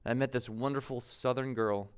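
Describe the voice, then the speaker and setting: A pastor in his thirties from the United States delivers a conversational sermon, occasionally laughing at himself. His voice is medium-pitched, steady, and clear with a resonant quality, and he speaks at a normal speed.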